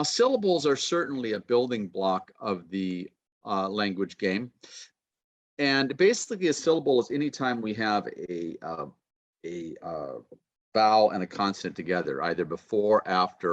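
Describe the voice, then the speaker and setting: A man teaching pronunciation in an online lecture, modeling words slowly and clearly and praising students warmly. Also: low voice, animated, dry recording. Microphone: video call. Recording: dull, dry online call audio.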